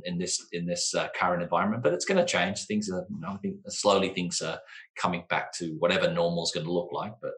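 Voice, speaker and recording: A man's voice: deep voice, fairly bright tone, echoey room. A man speaking as a guest at a casual wine tasting, talking enthusiastically and rambling with many restarts.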